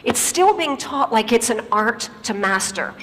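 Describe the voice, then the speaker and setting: A woman's voice: a little high, animated, measured pace, fairly bright tone, a little hiss or hum. Emphatic woman speaking in a hall. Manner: emphatic, uses rhetorical questions and repetition. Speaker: speaker giving a talk. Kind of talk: stage talk with storytelling.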